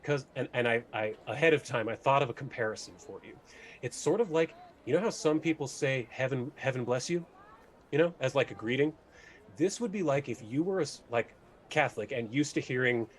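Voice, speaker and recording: A man's voice: mid-range voice, lively intonation, fast. A man running a tabletop game as game master, describing scenes with many hesitations.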